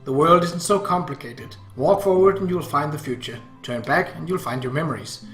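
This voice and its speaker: A man reading a visual novel aloud, narrating in a measured, earnest way. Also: a little high, a bit bright. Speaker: reader. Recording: roomy echo, faint guitar music.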